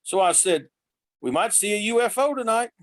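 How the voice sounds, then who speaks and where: Man, fairly high voice, dry close sound, storyteller who voices his characters. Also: normal speed, dry recording. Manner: lively, acts out quoted voices. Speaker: podcast guest telling road stories. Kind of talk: casual storytelling.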